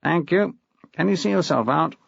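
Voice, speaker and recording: A man voicing a smug, testy middle-aged head teacher with a husky, gravelly voice, in a dull, dry recording. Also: fairly high pitch, expressive, moderate pace, fairly bright tone, no room sound, voice pushed up, heavily acted. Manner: smug, acid.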